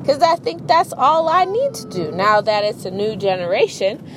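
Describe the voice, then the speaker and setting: Animated woman telling a profane story. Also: a little high, normal speed, noisy background. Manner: animated, profane, acts out voices. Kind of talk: casual storytelling monologue.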